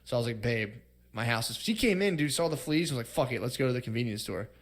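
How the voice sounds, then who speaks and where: A man's voice: mid-range voice, lively intonation, fast. A man in his thirties, a podcast co-host, telling crude stories in a rambling, casual way and acting out quotes. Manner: rambling, laughs often, acts out quotes.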